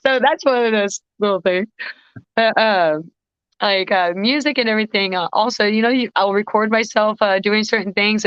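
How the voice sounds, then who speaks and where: A woman in a casual podcast chat, a guest vocalist who wanders through her stories and often restarts her sentences. Her voice sits at a middling pitch. The sound is dry and a little dull. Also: clean tone, no echo. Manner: rambling, self-interrupting storytelling. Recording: slightly muffled dry recording.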